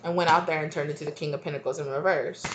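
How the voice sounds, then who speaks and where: A woman's voice: low-pitched, steady tone, racing, noisy background. A woman giving a casual spoken tarot reading, rambling and repeating herself with lots of fillers and chatty asides. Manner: laughs easily, chatty asides. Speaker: tarot reader.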